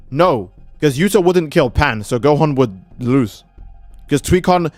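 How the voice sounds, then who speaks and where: A man's voice: medium pitch, dry recording. A young man streaming a game, rambling and joking with profanity in casual commentary. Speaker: gaming streamer.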